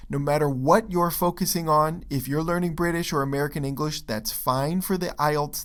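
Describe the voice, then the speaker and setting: A man teaching English pronunciation in a video lesson, explaining step by step and checking in often with "okay?" and "right?". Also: on the high side. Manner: relaxed, with frequent fillers and restarts.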